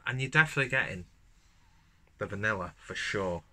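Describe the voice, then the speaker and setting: A chatty man talks through a beer review at home into his camera. His voice sits a little low but has a bright, forceful edge. He rambles with casual asides and the occasional swear. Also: animated, brisk. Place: at home, indoors. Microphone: camera mic.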